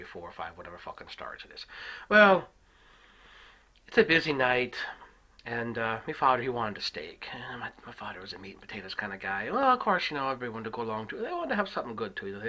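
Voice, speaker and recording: A man telling a family story as a comic rant, swearing heavily and swinging from loud outbursts to hushed asides. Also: on the low side, rough recording. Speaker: comic ranter.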